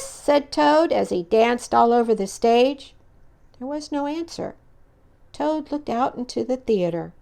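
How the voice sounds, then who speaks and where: A woman reading a children's picture book aloud in an expressive, animated way. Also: a little high, unhurried, gravelly. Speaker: storyteller.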